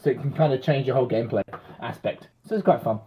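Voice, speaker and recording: A man's voice: mid-range voice, quick pace, mellow, slight background noise. A man on a podcast panel, chatting casually about games in a rambling way and correcting himself as he goes. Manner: rambling, self-correcting, chuckling. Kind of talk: casual chat. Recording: dull lo-fi audio.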